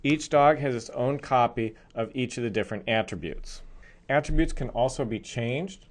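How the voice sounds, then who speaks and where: A man's voice: mid-range voice, normal speed. A male programming instructor explaining code step by step in a recorded screencast lesson.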